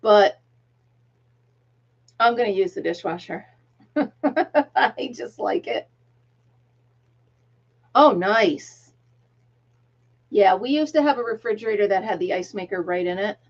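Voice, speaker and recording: Speaking slowly and expressively with frequent pauses, a middle-aged woman with a medium-pitched voice hosts a casual crochet livestream. She laughs often, counts stitches out loud, and has a tickle in her throat, and the audio is dull.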